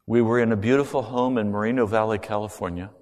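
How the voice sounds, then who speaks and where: A middle-aged man preaching a sermon, telling a personal story earnestly and swinging between hushed and loud delivery. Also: on the low side, fairly even intonation, fast. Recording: long reverb of a large hall.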